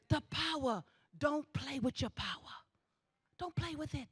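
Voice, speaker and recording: A woman's voice: high voice, very animated, moderate pace, breathy edge. A middle-aged woman giving a spirited commencement address on a theatre stage, with an emphatic preaching cadence and repeated exhortations. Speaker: graduation ceremony speaker.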